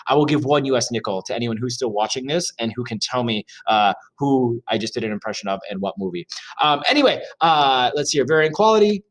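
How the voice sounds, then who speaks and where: A man's voice: medium pitch, a little fast. A man reading and explaining a social studies lesson, chatty with jokey asides and frequent fillers. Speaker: teacher.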